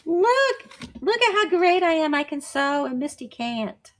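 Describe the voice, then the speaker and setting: A smug, boastful toy doll chirps her own praises in a high, bouncy voice, as a woman puts her on. The voice jumps well above a normal speaking range and sounds a little thin and strange. She is a spoiled show-off who loves to gloat. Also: sing-song, measured pace. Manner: bragging, sing-song.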